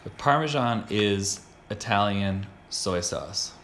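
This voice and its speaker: A low-voiced American man hosts a relaxed chat and rambles with enthusiasm, doubling back and restarting his sentences. A faint hiss sits under the recording. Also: slow pace. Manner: rambling, self-interrupting, enthusiastic. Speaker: podcast host. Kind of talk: casual chat.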